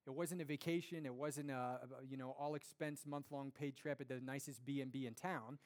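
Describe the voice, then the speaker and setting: A young man giving an earnest, conversational sermon to a congregation, with lively storytelling and rhetorical questions. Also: mid-range voice, fairly quick. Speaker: pastor.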